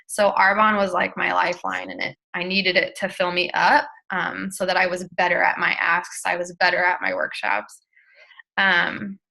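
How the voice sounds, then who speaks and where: A woman's voice: medium pitch, pushed and bright, poor audio. A young woman giving a casual motivational talk to her sales team, chatty and earnest with many fillers. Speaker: network marketing team leader.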